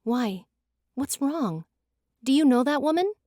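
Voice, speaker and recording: A woman voicing an anxious sixteen-year-old girl who asks quick, worried questions. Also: sits high, expressive, mellow, no room sound, studio quality, voice pushed up.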